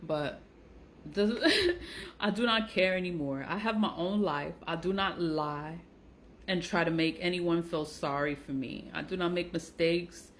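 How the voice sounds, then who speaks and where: A woman's voice: lowish voice, unhurried, a little hiss or hum, rough recording. A woman giving casual, blunt commentary, sounding exasperated and mocking as she reacts to text messages. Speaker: online seller and vlogger.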